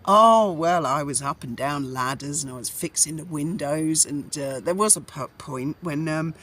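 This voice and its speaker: A woman's voice: low-pitched, moderate pace, fairly bright tone, a little hiss or hum. A middle-aged woman, recounting her past in a chatty, rambling way full of fillers and restarts. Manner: chatty and rambling, with frequent fillers and self-corrections. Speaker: vlogger. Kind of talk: casual personal storytelling.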